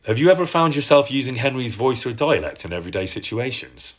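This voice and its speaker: A man voicing a young country lad hero with a gentle West Country burr and rolling R's. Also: mid-range voice, sing-song, fast, voice pushed up. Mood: earnest.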